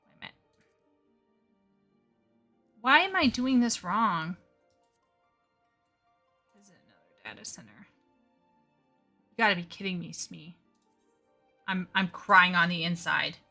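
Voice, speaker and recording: A woman's voice: on the low side, expressive, unhurried, gravelly, long pauses, pushed and bright, soft background music. A woman chatting casually with her viewers while gaming on a live stream, often flustered and stammering. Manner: chatty, flustered, talks to chat while playing. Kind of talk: casual gaming livestream chat.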